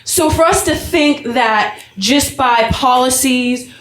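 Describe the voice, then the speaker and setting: A woman's voice: high-pitched, takes it slowly, fairly bright tone, echoey room, low-quality recording. A woman from Vermont giving an earnest, emotional public comment at a town meeting. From Vermont, USA.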